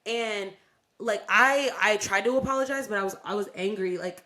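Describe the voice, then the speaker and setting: A young woman co-hosting a podcast, telling a story about her morning in loose, profane chat. She gets animated and loud when she acts out arguments. Her voice sits at an ordinary middle pitch for a woman. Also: moderate pace. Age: young adult. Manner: animated, profane, rising into re-enacted anger. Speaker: podcast co-host.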